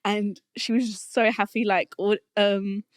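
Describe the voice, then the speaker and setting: A young adult woman telling a personal faith testimony in a heartfelt, halting way, often restarting her sentences, and getting emotional. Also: medium pitch, steady tone, clean tone, no echo, clean studio sound. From Colombian family roots. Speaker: podcast guest.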